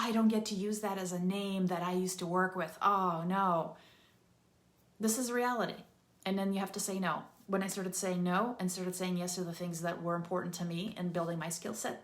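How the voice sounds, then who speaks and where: Woman, channel host, casual advice to camera, animated, acts out quotes, echoey room. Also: fairly low pitch.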